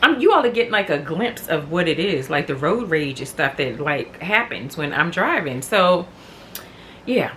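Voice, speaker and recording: A woman vlogger chatting casually at home, animated and laughing often, rising to loud exasperation. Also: low-pitched, normal speed, slight background noise. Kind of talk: casual chat to camera.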